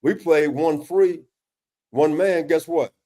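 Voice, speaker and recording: A man's voice: fairly high pitch, takes it slowly, mellow. Emphatic man breaking down football film. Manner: emphatic, exasperated questioning, often addresses co-host by name; frequent restarts and repeated words. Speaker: football defensive analyst. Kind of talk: casual film-breakdown discussion.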